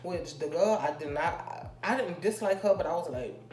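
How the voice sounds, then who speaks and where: A woman's voice: lowish voice, a little mellow. A young woman vlogger telling a personal story in casual, rambling chat full of fillers. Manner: chatty, rambling, drawn-out fillers. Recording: echoey room with faint music.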